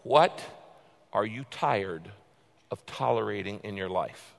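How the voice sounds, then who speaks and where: A man preaching a sermon, reading scripture with dramatic swells and then dropping to a hushed, intimate tone. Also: lowish voice, animated, slow pace, vocal fry. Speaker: pastor. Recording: long hall reverb.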